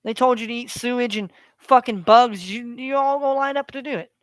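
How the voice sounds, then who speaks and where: Profane ranting man, smooth voice. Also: very high voice, normal speed, no room sound. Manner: profane, preachy, repeats phrases. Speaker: vlogger. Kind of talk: ranting monologue.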